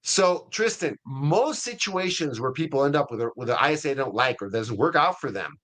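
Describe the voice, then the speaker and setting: A middle-aged man with a US Hispanic accent, hosting a webinar in a casual, energetic way with many fillers and restarts. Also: mid-range voice, fairly quick. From Latin America. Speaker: webinar host.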